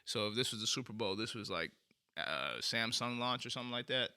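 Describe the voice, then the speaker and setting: A man co-hosting a podcast, chatting casually and telling an animated story that sometimes bursts into shouting. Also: medium pitch, fairly quick, clear, resonant tone. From United States. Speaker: podcast co-host. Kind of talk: casual chat.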